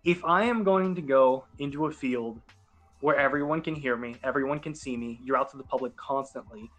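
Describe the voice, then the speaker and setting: A man's voice: medium pitch, fairly quick, fairly bright tone, faint music behind. A young man in casual podcast chat, talking in an earnest, rambling, self-doubting way. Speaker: podcast guest and sports announcer.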